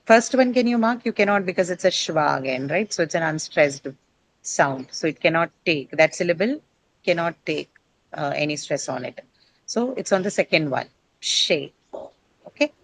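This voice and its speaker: Woman teacher walking the class thru it step by step, lowish voice, dry sound. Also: lively intonation, moderate pace, no echo, low-quality recording. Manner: explains step by step, quizzing the class. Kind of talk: classroom lecture.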